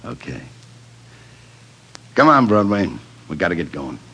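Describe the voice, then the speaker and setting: An actor playing a confident, fast-talking big-shot gambler in a 1940s radio drama. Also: male voice, low-pitched, sing-song, exaggerated voice. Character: the Brain, a smooth big-shot gambler, man. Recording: old radio recording with faint hiss.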